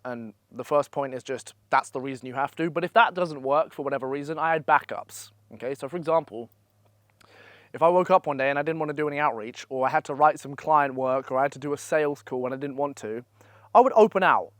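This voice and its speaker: A young man gives blunt, profane, energetic motivational advice in a casual vlog, speaking at a holiday villa. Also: mid-range voice, fast, no room sound. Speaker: online business coach.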